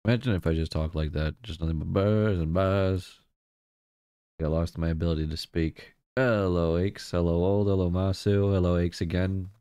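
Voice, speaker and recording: A man's voice: sits low, steady tone, moderate pace, mellow, clear, resonant tone, no room sound, studio quality. A man streaming live, chatting casually and greeting viewers one by one. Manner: chatty, greets viewers by name, laughs easily.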